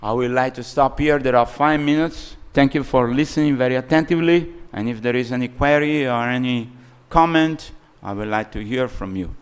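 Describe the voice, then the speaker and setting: A man's voice: mid-range voice, moderate pace, few pauses, clear, resonant tone. A man giving a scripture lecture in a temple hall, telling stories animatedly in English with non-native grammar. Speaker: preacher.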